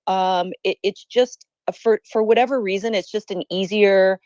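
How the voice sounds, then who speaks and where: Woman, podcast guest, chatty, enthusiastic, mid-pitched voice, dry close sound. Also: steady tone, normal speed, darkish tone, no room sound. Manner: enthusiastic, chatty, many fillers like "you know what I mean". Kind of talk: casual podcast chat.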